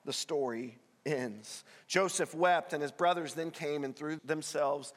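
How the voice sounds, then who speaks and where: A man's voice: on the high side, a little slow, long reverb tail. A male pastor giving an earnest, conversational sermon, rising with emphasis on key points.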